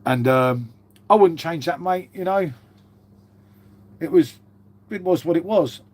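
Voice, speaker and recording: A man in his fifties talks on a casual live stream, his voice sitting a touch high for a man. He rambles from one story to the next, swears freely and tacks "mate" onto nearly every sentence. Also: unhurried, a little mellow. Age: 50s.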